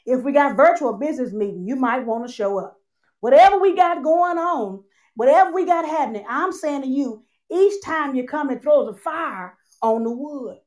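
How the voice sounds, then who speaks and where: A woman preaching a sermon, calling out to her church and swinging between loud and soft. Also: high voice, expressive, moderate pace. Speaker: church speaker.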